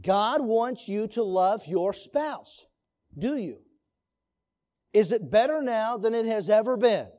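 A man's voice: high-pitched, animated, takes it slowly, mellow. A man teaching a church class on marriage in a sermon style, earnest, putting questions to the listeners. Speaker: Sunday school teacher.

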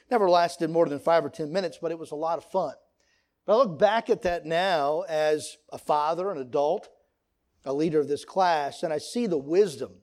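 A man's voice: fairly high pitch, a little mellow. A middle-aged man teaching a church Sunday school class, telling stories and chanting remembered phrases with emphasis. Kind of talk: church lesson.

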